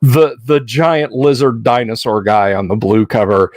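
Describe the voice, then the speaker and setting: Man, livestream host, rambling jokey chat, mid pitch, dry close sound. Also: unhurried, few pauses, no room sound.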